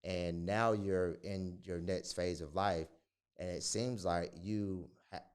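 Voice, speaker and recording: A male podcast host reflecting on his guest's story in a thoughtful, measured way. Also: deep voice, steady tone, clear, resonant tone. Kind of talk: interview questions.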